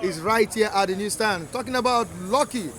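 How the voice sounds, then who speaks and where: A man interviewing people outdoors at a newsstand, keeping things brisk. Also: high-pitched. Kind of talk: street news interview. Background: crowd noise.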